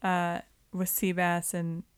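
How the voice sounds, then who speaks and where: Smooth-voiced woman in casual podcast chat. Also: fairly low pitch, monotone, slow. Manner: chatty, recounts scenes. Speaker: podcast co-host. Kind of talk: casual movie-review chat.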